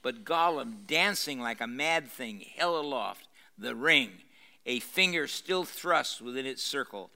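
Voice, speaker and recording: An older man reads a novel passage to a gathered audience, leaning into the drama and breaking off to explain the scene. His tone is bright and forward. He restarts phrases and fills pauses as he goes. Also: mid-range voice, expressive, vocal fry. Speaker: pastor reading a novel aloud. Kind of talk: live lecture reading with commentary. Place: university lecture room.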